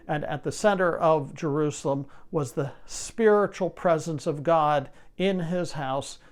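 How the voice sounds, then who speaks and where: Higher-voiced man preaching a lively sermon. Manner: lively expository preaching with rhetorical questions.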